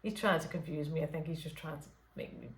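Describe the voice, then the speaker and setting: Hesitant low-voiced woman in an echoey room. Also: quick pace. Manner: hesitant, many fillers and restarts; talks softly at late night hours. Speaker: spirit medium. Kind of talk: unscripted channelling session talk.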